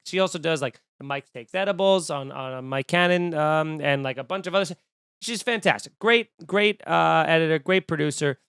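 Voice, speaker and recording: A man's voice: fairly high pitch, smooth, dry recording, clean studio sound. A young man hosting a comedy podcast, ranting casually and acting out the voices of people he quotes. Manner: animated, acts out quoted voices.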